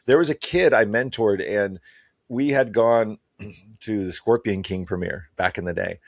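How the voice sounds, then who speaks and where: A man's voice: fairly low pitch, measured pace, vocal fry, dry recording, studio quality. A middle-aged man chatting as a podcast guest, telling enthusiastic stories about the movies he loves. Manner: animated, enthusiastic storyteller. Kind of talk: casual chat.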